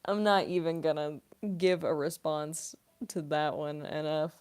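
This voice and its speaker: A young woman voice actress talks through a casual livestream Q&A. She speaks at a slow, easy pace with a slightly low pitch, filling her sentences with "like" and breaking into giggles. Her talk is loose and chatty. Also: fairly even intonation, a little mellow, clean tone. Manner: chatty and rambling, many fillers. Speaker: voice actress streamer.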